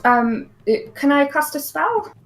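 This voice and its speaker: A woman's voice: high-pitched, expressive, unhurried, poor audio. A woman playing a tabletop game, hesitant, with many ums. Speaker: player.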